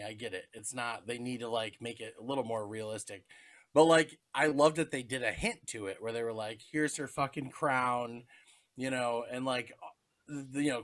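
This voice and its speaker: A man's voice: medium pitch, fairly quick, a bit bright. A man co-hosting a casual podcast, joking, cutting in and swearing as he banters. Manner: joking, interrupting, profane. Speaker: podcast co-host.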